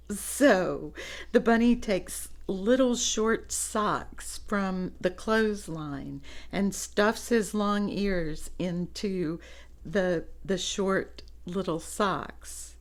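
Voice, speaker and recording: A woman reading a picture book aloud to children, gently pointing out the pictures and laughing softly. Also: medium pitch, drawn-out words.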